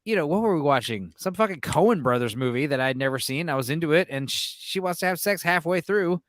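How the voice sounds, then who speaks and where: Male podcast co-host, slightly high voice, loose and crude, dry close mic. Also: expressive, a little fast, a bit bright, no room sound. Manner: loose, crude, laughs at his own jokes. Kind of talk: casual chat.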